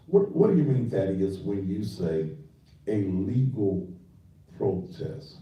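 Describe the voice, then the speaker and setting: A man's voice: on the low side, sing-song, slow pace, heavy reverb, recorded from a distance, lo-fi sound. An older man hosting a talk show, lecturing his listeners in a preachy, scolding way. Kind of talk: radio commentary.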